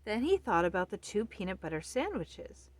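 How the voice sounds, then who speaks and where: A woman reading a children's picture book aloud in a gentle, friendly way. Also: mid-range voice, big pitch swings, normal speed, no room sound. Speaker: storybook reader.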